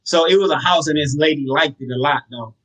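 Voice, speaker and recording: Slangy man, slightly high voice. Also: fairly quick, low-quality recording. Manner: relaxed, slangy, tells stories with acted quotes. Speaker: guest, sober home operator. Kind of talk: casual podcast talk.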